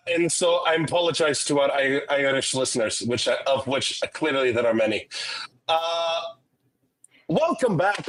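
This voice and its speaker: A man's voice: on the high side, fairly bright tone, rough recording. A man hosting a film podcast, delivering a theatrical rhyming intro in a put-on Scottish accent and swearing freely. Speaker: podcast host. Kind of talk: playful podcast intro banter.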